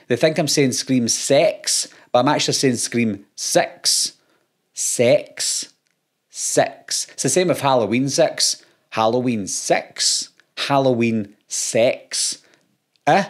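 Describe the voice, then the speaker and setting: A Scottish man and YouTuber, reading out comments in casual talk with dry, sarcastic comebacks. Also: mid-range voice. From Scotland.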